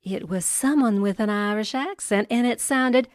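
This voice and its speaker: An actress playing a suspicious wife in an audio drama, speaking in an indignant, measured way. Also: female voice, on the high side, dry recording, studio quality, lightly acted. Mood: wary. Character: suspicious wife snooping on her husband.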